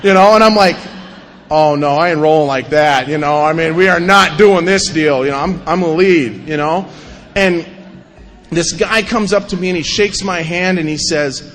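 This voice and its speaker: A man speaking at a recovery meeting, telling his own story with wry, animated humor and acting out the scenes. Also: fairly high pitch, moderate pace. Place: large meeting hall before an audience. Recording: long hall reverb.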